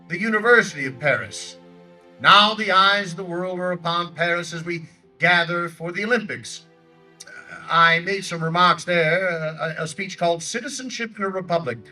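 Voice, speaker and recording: A blustering older Theodore Roosevelt, played by a male reenactor booms out a declamatory stump speech in a high, sharply bright voice. He orates outdoors in a lakeside park, caught by a distant microphone, with faint music drifting behind him. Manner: booming, declamatory oratory. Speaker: historical reenactor.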